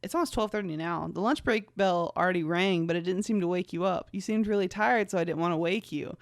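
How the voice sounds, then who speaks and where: A woman's voice: on the low side, brisk, no room sound, close to an everyday voice. A woman reading aloud as a friendly, chatty young woman on a film set, in a casual, teasing way.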